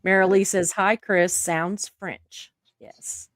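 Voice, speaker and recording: A woman's voice: medium pitch, little pitch movement, takes it slowly, fairly bright tone, no room sound, clean studio sound. Chatty Southern woman streaming live. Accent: Southern American. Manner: chatty, laughs often, Southern "y'all". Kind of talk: casual chat reading viewer comments. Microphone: live stream mic.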